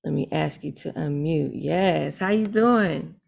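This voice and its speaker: An American woman hosts an open mic in a low, gravelly voice. She talks in a playful, upbeat way and uses casual slang. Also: unhurried, darkish tone. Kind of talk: hosting an online open mic.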